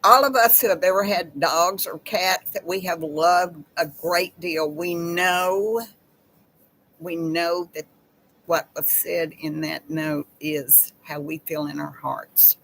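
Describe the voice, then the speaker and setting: A woman's voice: lowish voice, fairly even intonation, a bit bright, slight background noise, low-quality recording. A woman hosts a casual chat with her viewers and reads aloud in a heartfelt, emotional way. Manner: slow, heartfelt, emotional reading. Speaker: channel host.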